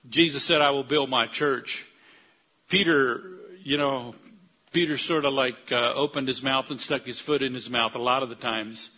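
An older man, a pastor, preaching an earnest sermon that rises to loud declarations. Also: a little high, slightly rough, highs cut off.

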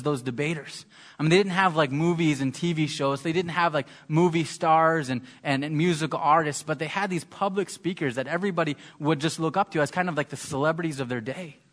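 A man preaching a sermon, talking in a halting way and often repeating words as he searches for them. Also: on the high side, a bit bright.

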